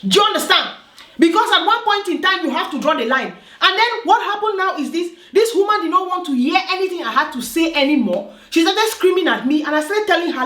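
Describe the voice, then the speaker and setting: A woman's voice: very high-pitched, lively intonation, brisk, bright, forceful tone. A woman from Africa telling a personal story in a vlog, emphatic and repetitive, often checking "do you understand?". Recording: roomy echo.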